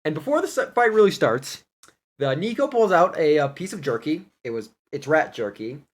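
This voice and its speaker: A young man casually retelling a tabletop game session, animated and laughing as he goes. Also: on the high side, normal speed. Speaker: player recapping a campaign. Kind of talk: casual storytelling recap.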